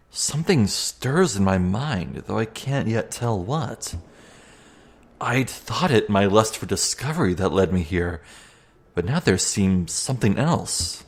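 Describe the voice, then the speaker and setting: A man reading the lines of a calm, pensive male bug explorer in a video game, in a reflective, musing way close to his own voice. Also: lowish voice, creaky, slightly rough, heavily acted.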